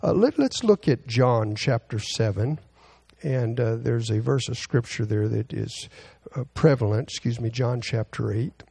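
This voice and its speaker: A man preaching a Bible teaching sermon, halting often with fillers and restarts as he reads scripture aloud. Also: medium pitch, lively intonation, gravelly, warm tone, husky.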